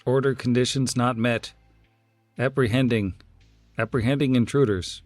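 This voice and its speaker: A man voicing a security robot in clipped, monotone commands. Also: mid-range voice, moderate pace, no room sound, faint music behind, natural voice. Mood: cold. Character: menacing security robot, flat and mechanical.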